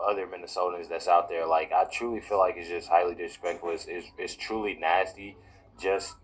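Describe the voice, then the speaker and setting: A man with a very low, deep voice talks casually to his viewers in reaction commentary. He repeats himself often and fills every pause with "you know" and "y'all". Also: a bit bright, low-quality recording. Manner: repetitive, heavy use of "you know" and "y'all". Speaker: political commentary vlogger.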